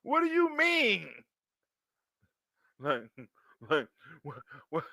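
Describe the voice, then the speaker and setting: A man rants in a comedic reaction, profane and animated, playing up mock outrage. His voice is high and bright, recorded dry and close to the mic. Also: extremely slow, gravelly, dry recording. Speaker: commentator.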